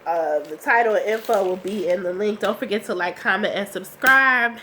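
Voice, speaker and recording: A young woman recaps a TV episode from her couch at home, talking in a loose, slangy, chatty way. She is under the weather, so her voice comes out a bit rough. A faint hiss sits under the recording. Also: mid-range voice, normal speed, sharp tone. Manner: chatty, slangy, reacting with laughs and asides. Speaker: TV recap vlogger.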